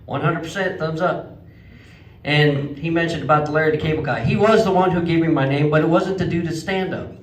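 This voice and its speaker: A man doing a stand-up comedy set at a legion hall, telling folksy stories and jumping to a high voice for quoted outbursts. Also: fairly even intonation, brisk. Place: legion hall stage before a live audience. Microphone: handheld microphone, picked up from some distance. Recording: echoey hall, mic at a distance.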